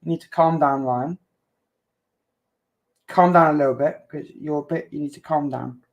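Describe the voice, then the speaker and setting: A man's voice: fairly high pitch, normal speed. A man co-hosting a livestream, talking defensively and repeating himself. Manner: defensive, keeps repeating "calm down". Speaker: stream co-host. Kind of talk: heated livestream chat.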